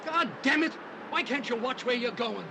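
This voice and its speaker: A loudmouthed, bullying driver yells insults in a strained, very high voice. The old film dub has noticeable noise behind it. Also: male voice, normal speed, gravelly. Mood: angry. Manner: yelling, insulting. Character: rude hot-tempered male driver, loud bully. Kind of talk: dubbed film dialogue. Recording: dubbed film audio with noticeable background noise.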